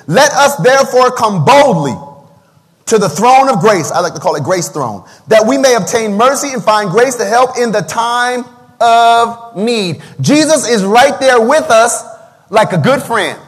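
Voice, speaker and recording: High-voiced preaching pastor in a reverberant hall. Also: male voice, lively intonation, unhurried. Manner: preaching with call-and-response, breaks into singing a hymn. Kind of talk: livestreamed sermon.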